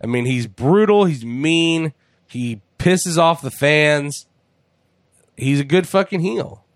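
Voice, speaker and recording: A man talking casually on a podcast, joking and swearing as he goes. He slips into quick put-on voices when retelling scenes. The sound is dry and close, with no room around it. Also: a little high, no room sound. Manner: profane, jokey, acts out voices. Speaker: podcast host. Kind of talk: casual wrestling chat.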